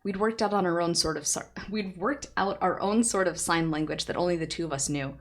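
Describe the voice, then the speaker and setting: Lowish-voiced girl streamer reading a novel out loud, chatty, laughs a lot. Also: brisk. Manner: chatty, laughs often, answers chat.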